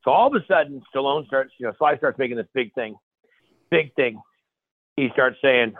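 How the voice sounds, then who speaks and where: A male guest chef telling animated stories on a radio show, full of restarts and repeated phrases. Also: medium pitch, normal speed, no room sound. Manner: energetic, repeats and restarts phrases, acts out quotes. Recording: tinny phone line, dry.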